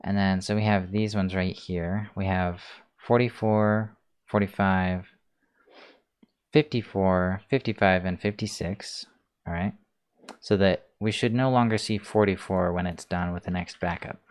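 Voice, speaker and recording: A man hosting a casual screencast coding tutorial, talking through his steps in a relaxed way with many ums, keyboard clicks heard. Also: sits low, measured pace, smooth. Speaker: tutorial host.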